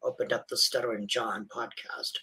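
Man, co-host, live-stream chat, deadpan, unimpressed, husky voice. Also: medium pitch, normal speed, rough recording.

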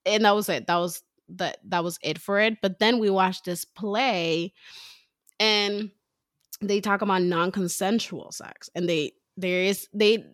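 A woman's voice: medium pitch, steady tone, a little slow, no echo, clean studio sound. A woman in her thirties, a mother and co-host, chatting casually and acting out quoted lines as she tells a story.

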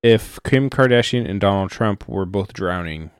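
A man's voice: deep voice, animated, moderate pace, clean tone, no echo, studio quality. A young man hosting a podcast, firing off casual questions in a laid-back, swearing, mumbly way. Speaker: podcast host. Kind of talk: casual chat, quick-fire questions.

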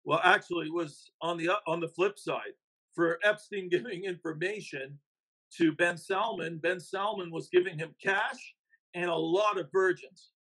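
High-voiced man, emphatic author guest. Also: normal speed, a bit bright, poor audio. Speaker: author and investigative reporter guest. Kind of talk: casual podcast interview.

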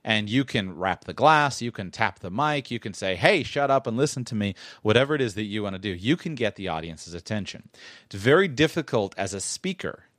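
A man's voice: fairly low pitch, big pitch swings, a little fast, a bit bright, no echo, studio quality. A man hosting a show, giving public speaking tips in a chatty, rambling way that keeps correcting itself. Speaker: podcast host. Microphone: close studio mic.

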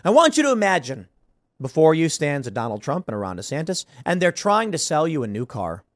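An animated man rants through casual political commentary, his pitch leaping around and sitting a touch higher than usual. He is sarcastic and swings from loud bursts to mumbled asides, all in a dry, close-miked sound. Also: brisk, dry recording. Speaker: podcast host.

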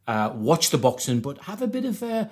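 A man's voice: a little high, brisk. A man from northeast England with a Geordie accent, telling travel stories as a podcast guest and laughing often. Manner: animated, laughs often, acts out quotes. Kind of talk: casual storytelling.

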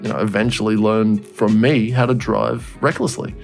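A man's voice: lowish voice, fairly even intonation, moderate pace, creaky, faint music behind. A young man, co-hosting a casual podcast chat, rambling, swearing freely and laughing often. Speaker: podcast co-host.

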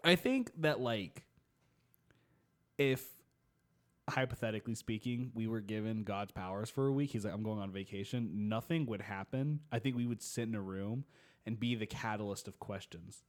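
A man's voice: on the low side, normal speed. A young man co-hosting a podcast in casual chat, laid-back, laughing often and swearing as he acts out quotes. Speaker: podcast co-host.

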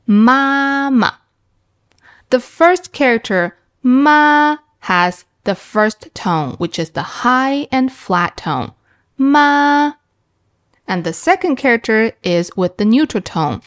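A woman teaching beginners Mandarin, explaining slowly and clearly and demonstrating each tone aloud. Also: medium pitch. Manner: slow and clear, demonstrating sounds with sung tones.

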